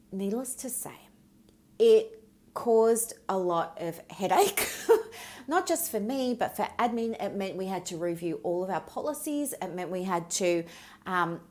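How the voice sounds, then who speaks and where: A middle-aged woman, a podcast host and business mentor, speaks in a fairly low, slightly mellow voice. Alone on her podcast, she tells a story from her practice candidly and chattily, wandering off onto tangents.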